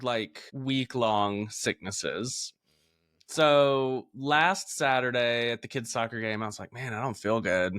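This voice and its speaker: A man in his thirties co-hosting a podcast, telling an animated story in casual chat and acting out both sides of conversations, low on energy after an illness. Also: slow, clean tone, no echo, clean studio sound. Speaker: podcast co-host.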